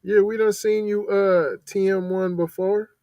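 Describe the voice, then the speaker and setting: A man's voice: sits high, flat delivery, measured pace, no echo. A man co-hosting a podcast, chiming in with short slangy remarks. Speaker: podcast co-host. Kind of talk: casual podcast banter. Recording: loud music bed underneath.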